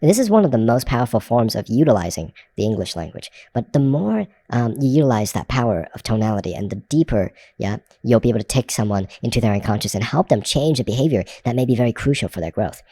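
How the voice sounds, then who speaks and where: Mellow-voiced man teaching a course. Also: medium pitch, lively intonation, fast, hardly any pauses, dry recording. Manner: explains in loose spoken runs, many restarts and "right?"; demonstrates shifts of tone by saying the same phrase several ways. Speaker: hypnosis course instructor. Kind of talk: recorded course lesson.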